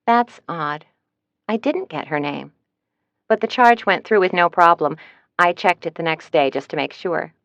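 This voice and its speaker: Woman reading cheery talkative woman travel agent, higher bright voice, dry slightly muffled audio. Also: measured pace, dry recording. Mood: chirpy.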